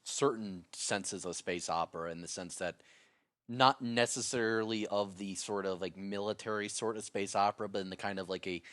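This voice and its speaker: A man's voice: fairly low pitch, fairly even intonation, moderate pace, fairly bright tone, dry recording, studio quality. A man co-hosting a podcast, speaking casually and hesitantly as he searches for words. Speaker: podcast co-host.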